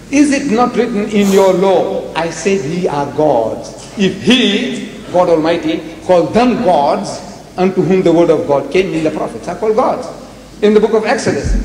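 A man's voice: high voice, a little mellow. A man from Africa, giving a public lecture to a live audience with rhetorical questions and acted-out dialogue. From South Africa. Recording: echoey hall with long reverb, faint noise.

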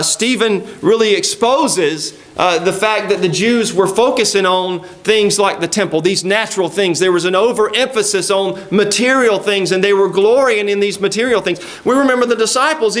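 A man's voice: fairly high pitch, fairly bright tone. A man preaching a sermon in a church, reading scripture and talking to the congregation in a conversational way with rhetorical questions. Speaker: pastor. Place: church sanctuary.

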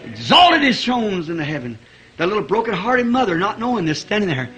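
A man preaching a fervent sermon, chuckling often and rising to shouts at high points. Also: very animated, fairly quick, faint music behind.

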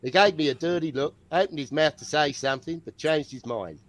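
A man's voice: a little high, brisk, fairly bright tone, lightly acted. A man doing a mock Australian accent, voicing a cheeky male soldier from the First World War. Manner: put-on accent, reading a diary quote.

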